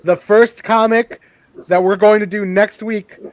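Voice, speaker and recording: A man's voice: sits high, steady tone, measured pace. Playful man hosting a group chat. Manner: playful, joking. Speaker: podcast host.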